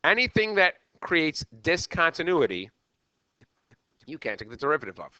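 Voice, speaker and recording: Lively, bright-voiced male math teacher. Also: on the high side, moderate pace, no echo, highs cut off. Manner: animated, repeats "okay" often. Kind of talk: classroom lecture.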